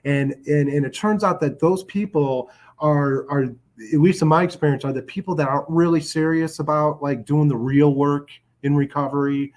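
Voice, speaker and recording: A man's voice: a little high, steady tone, normal speed, a little mellow. A man from Chicago telling his recovery story in a casual, rambling way, with many restarts and fillers.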